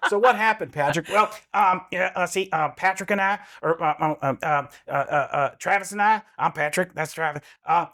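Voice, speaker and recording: A man doing a comic impression of a halting, stammering young man who fumbles out bad news full of fillers. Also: fairly high pitch, pushed and bright. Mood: sheepish. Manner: stammering, filler-heavy, hesitant.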